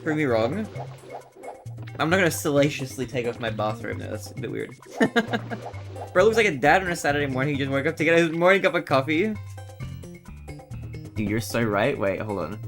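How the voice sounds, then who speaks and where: A man streaming a speedrun and chatting casually with viewers, an animated storyteller who laughs often. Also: medium pitch, normal speed, long pauses. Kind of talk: casual livestream chat while speedrunning. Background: game music.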